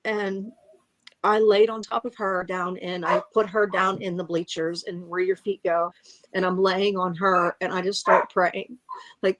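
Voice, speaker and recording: A woman giving a halting, emotional eyewitness account, often breaking off and restarting. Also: mid-range voice, steady tone, fairly bright tone, no echo. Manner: angry and frustrated. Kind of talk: emotional first-hand account.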